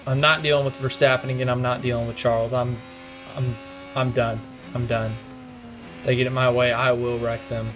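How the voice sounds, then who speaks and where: Young male gamer narrating his play, venting in sharp outbursts over loud game music. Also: medium pitch, level tone. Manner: frustrated, ranting, quick outbursts. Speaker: gaming commentator. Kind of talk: live gameplay commentary.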